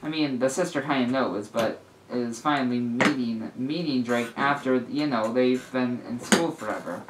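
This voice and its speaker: A man's voice: mid-range voice, normal speed, heavy background noise. A man casually reading a story aloud, often stumbling and correcting himself. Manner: stumbling, with frequent restarts and self-corrections. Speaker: story reader.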